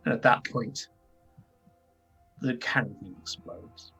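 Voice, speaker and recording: A man's voice: mid-range voice, moderate pace, fairly bright tone, soft background music. A man narrating a tabletop game as game master, casual and chatty.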